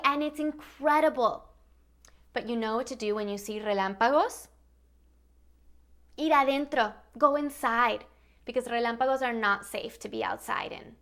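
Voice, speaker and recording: A woman hosting a bilingual lesson for toddlers, speaking slowly and coaxingly in a sing-song way to small children. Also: high voice, fairly bright tone. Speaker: children's Spanish teacher host.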